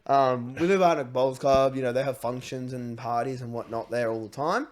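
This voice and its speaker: A young man hosting a podcast, his voice sitting at a middle pitch. He tells the story loosely with plenty of swearing and breaks into loud, acted-out quotes. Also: a little fast. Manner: swears a lot, acts out shouted quotes. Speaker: podcast host.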